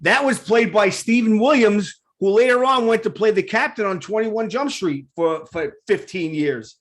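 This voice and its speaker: Excitable talk-show host, high voice. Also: male voice, moderate pace. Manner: excited, rambling, repeats words. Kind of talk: enthusiastic casual interview.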